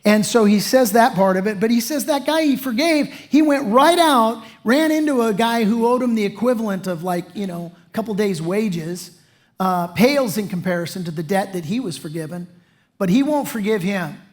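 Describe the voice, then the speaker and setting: A man's voice: high voice, moderate pace. A male pastor preaching a sermon in a folksy, conversational way, often saying "you know".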